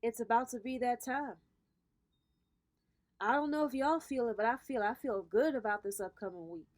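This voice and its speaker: A woman with a slightly high voice, speaking at normal speed, hosts a casual astrology vlog as a spiritual reader. She delivers a brash, profane pep talk, calling viewers honey and baby.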